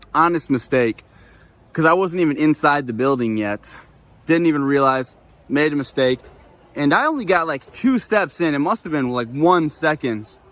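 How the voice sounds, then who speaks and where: A young man with a fairly high, fairly bright voice tells a story to the camera in a vlog. He's laid-back and profane, stuffing his talk with "like" and "dude."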